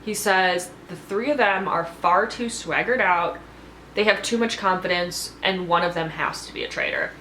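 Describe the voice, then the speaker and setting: Brief: female reality-show recapper, chatty and expressive, roomy echoey sound. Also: on the low side, normal speed, a little hiss or hum. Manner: chatty and expressive, with many fillers like "like". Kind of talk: casual recap vlog. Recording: roomy echo.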